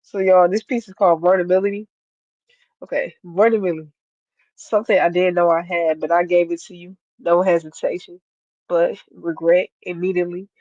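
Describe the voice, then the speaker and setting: A poet from Ohio, heard over a video call in a relaxed, plain-spoken voice. Recitations roll in a steady spoken-word rhythm. The sound is dull, dry and lo-fi, and the pitch sits at a middle level. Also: brisk, no echo. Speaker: guest poet. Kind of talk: casual interview answers and spoken-word poetry. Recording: dull lo-fi dry stream audio.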